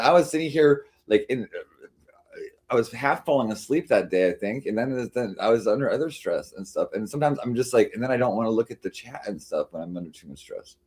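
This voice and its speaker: A man's voice: mid-range voice, animated, quick pace, a little mellow, breathy edge. A man hosting a livestream, chatting casually and rambling with many fillers and restarts. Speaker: livestream host. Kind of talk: casual chat to a live audience.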